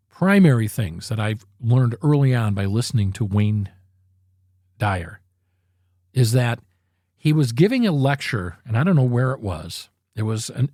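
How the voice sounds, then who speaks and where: A man's voice: medium pitch, darkish tone, no echo, studio quality. A man hosting a podcast, talking through a casual motivational monologue in an earnest, rambling way, often correcting himself. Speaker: podcast host.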